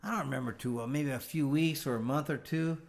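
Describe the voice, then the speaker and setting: Man, middle-aged, slightly high voice, rambling storyteller, restarts, plays out quoted dialogue. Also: quick pace. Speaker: guest, former fighter turned bail bondsman. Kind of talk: casual storytelling interview.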